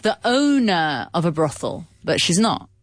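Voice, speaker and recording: Chatty woman radio host, swooping pitch. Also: sing-song, unhurried, no room sound, soft background music. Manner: chatty, playful, laughs often, swoops up in pitch. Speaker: radio co-host and English teacher. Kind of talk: casual radio chat teaching English.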